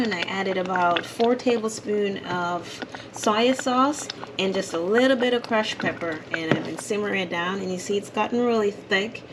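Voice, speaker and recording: A woman's voice: medium pitch, noisy background. A woman hosting a home cooking video, explaining each step in a chatty way from her kitchen. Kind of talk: casual cooking demonstration.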